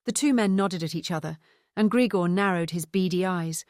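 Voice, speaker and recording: A woman narrating an audiobook in a steady, even scripted reading. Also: lowish voice, moderate pace, dry recording, clean studio sound.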